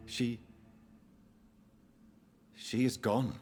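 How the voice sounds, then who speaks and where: A man's voice: medium pitch, little pitch movement, very slow, darkish tone, husky, soft background music. An actor playing a solemn grown son, a doctor, speaking tenderly to his confused mother. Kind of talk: game dialogue.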